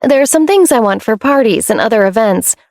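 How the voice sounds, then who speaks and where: A scheming young woman who hides her plotting behind a meek, sugary voice, read by a woman narrator. Her lines stay soft and falsely sweet, with a dry, close storybook sound. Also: on the high side, animated, fairly quick, creaky, no room sound.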